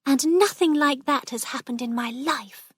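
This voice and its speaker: A woman voicing an excited, dreamy young woman with an eager voice that lifts high. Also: normal speed, no echo, clean studio sound.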